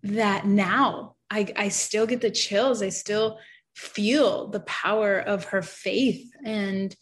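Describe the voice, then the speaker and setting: A woman's voice: mid-range voice, fairly even intonation, slow pace, a little hiss or hum. A woman in her thirties sharing an emotional faith testimony in an earnest, heartfelt way, full of fillers.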